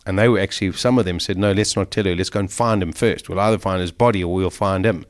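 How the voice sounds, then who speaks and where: A middle-aged man speaks as an interview guest, recounting his ordeal vividly and with feeling. His voice sits a little low. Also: fairly even intonation, fast talker. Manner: emotional, vivid retelling of a survival ordeal. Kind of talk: storytelling in an interview.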